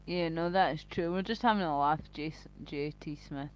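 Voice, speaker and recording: A woman's voice: sits low, normal speed, slight background noise, low-quality recording. A woman with a Glaswegian Scottish accent, chatting casually on a live stream while reading the chat, blunt and sweary, laughing often.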